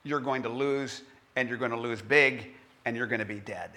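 A man preaching in a conversational, animated way, reading scripture and putting on voices for its figures. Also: medium pitch, moderate pace.

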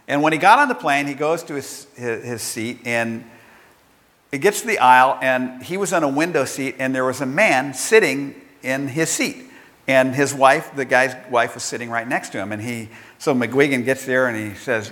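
A man's voice: mid-range voice, moderate pace, fairly bright tone. A male pastor preaching a sermon, telling a story and acting out its characters. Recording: long hall reverb.

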